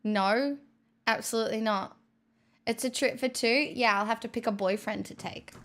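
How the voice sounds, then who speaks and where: A woman's voice: a little high, fairly even intonation, normal speed. A young adult woman streaming, reading chat aloud in a playful, teasing casual chat.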